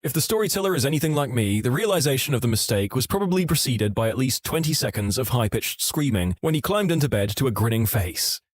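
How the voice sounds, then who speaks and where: Lively male story narrator, dry sound. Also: medium pitch, quick pace, few pauses, no room sound. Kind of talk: scripted narration of online stories.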